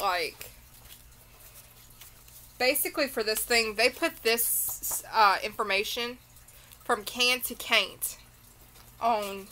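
A woman's voice: a little high, bright, forceful tone, slight background noise, low-quality recording. A tired woman with a Southern accent, rambling through a casual beauty unboxing chat full of tangents. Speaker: beauty vlogger.

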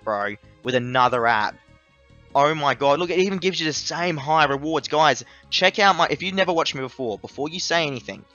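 Bright, ranting man. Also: mid-range voice, muffled recording. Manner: exasperated, ranting, swings loud and excited. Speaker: app reviewer. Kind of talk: screen-recorded app review vlog.

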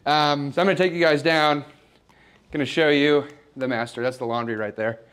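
A man's voice: a little high, steady tone, normal speed, fairly bright tone, clean tone, lightly acted. A young man playing a smug, oblivious rich guy who shows off his loft in a rambling, boastful, mock-sentimental way. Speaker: comedic character giving a home tour. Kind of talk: improvised parody home-tour sketch. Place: apartment loft, walking room to room.

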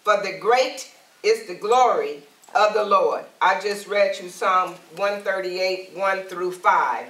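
A woman's voice: mid-range voice, slow, fairly bright tone. A woman evangelist from Alabama, preaching and praying while calling out to the congregation. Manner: calls out to the congregation, rising and emphatic. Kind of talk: sermon and prayer. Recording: roomy and distant from the mic.

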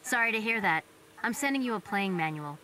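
An actress voices a calm female contact guiding an agent in a video game. She speaks in a brisk, businesslike way at a middle pitch. Clear noise sits behind her voice. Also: lightly acted.

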